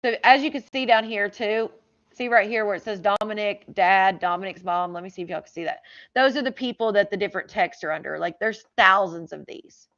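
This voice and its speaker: Woman, mid-pitched, chatty fillers, reads texts aloud, slightly muffled lo-fi audio. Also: a little fast, fairly bright tone. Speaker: true crime commentator. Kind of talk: casual commentary, reading text messages aloud.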